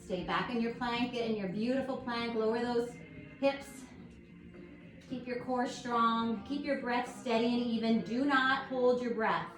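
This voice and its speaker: A woman guiding a yoga class at home, calm and encouraging as she talks listeners through each pose. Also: a little high, a little slow. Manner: calm, encouraging, gently instructive. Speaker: yoga instructor. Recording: echoey room with faint music.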